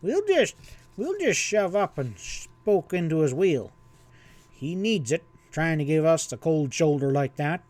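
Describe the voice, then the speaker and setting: List: man playing a pudgy old cowpoke, worried, drawling, high voice, dry recording. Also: very animated, measured pace, darkish tone, no room sound. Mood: eager. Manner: worried, sarcastic.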